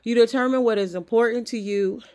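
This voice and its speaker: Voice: medium pitch, fairly even intonation, brisk, darkish tone. A motivational host speaks in a casual, encouraging way, often asking the listener questions. A cold leaves the voice a little sniffly. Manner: conversational and encouraging, with rhetorical questions. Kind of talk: motivational self-help talk.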